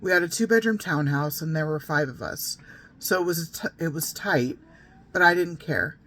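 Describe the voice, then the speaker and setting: A woman's voice: deep voice, normal speed, fairly bright tone. A woman reading her own memoir aloud, breaking off often for wry, digressive asides spoken straight to her listeners. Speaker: memoir narrator.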